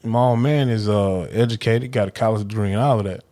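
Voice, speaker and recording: A man's voice: on the low side, fast talker. A man co-hosting a podcast, telling rambling stories in slangy casual talk. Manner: rambling, animated storytelling with slang and repeats. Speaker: podcast co-host.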